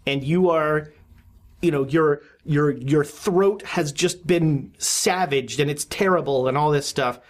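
A game master narrating a horror tabletop game, often pausing and restarting sentences. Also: mid-range voice. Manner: halting, with many restarts and fillers.

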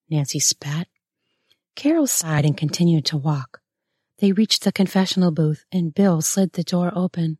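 A woman narrating a read-aloud erotic story in a measured, unhurried way. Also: on the low side, animated, a little mellow, breathy edge, no room sound, studio quality.

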